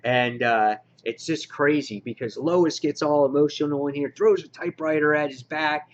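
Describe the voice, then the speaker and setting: A man giving a casual, slangy spoken review of a comic book, excitable and quick to act out his own reactions. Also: fairly high pitch, a little hiss or hum. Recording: dull lo-fi recording.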